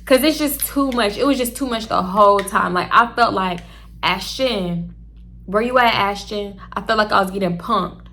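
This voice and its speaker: A young woman, chatty and animated, telling a storytime to camera and talking straight to her viewers. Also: medium pitch, a little fast. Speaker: storytime vlogger.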